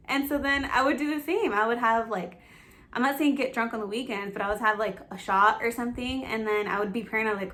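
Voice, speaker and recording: A woman's voice: on the high side, fast talker, slight background noise. Candid emotional young woman vlogger. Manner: candid and emotional, laughs through tears, animated self-talk. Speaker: fitness vlogger. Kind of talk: personal storytelling to camera.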